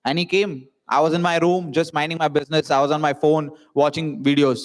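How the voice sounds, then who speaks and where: A young man from India tells a self-mocking comic story to a live audience at a student event, joking and acting out the voices of the people in it. His voice is a little high and steady, fairly quick, with slight background noise.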